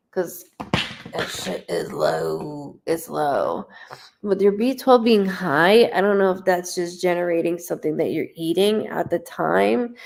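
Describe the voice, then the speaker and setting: A woman's voice: on the low side, creaky, darkish tone. A woman working as a psychic medium on a casual live stream, talking straight to the viewer in a blunt way and swearing freely.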